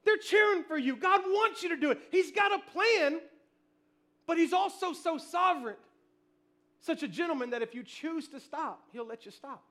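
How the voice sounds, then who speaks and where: A male pastor preaching a sermon, telling family stories with animated energy, shouting cheers and then dropping soft. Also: extremely high pitch, normal speed.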